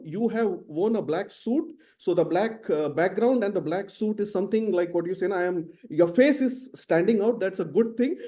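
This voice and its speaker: A middle-aged man giving an evaluation speech at an online club meeting, halting with many fillers and restarts. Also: sits high, dark tone. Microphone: video call.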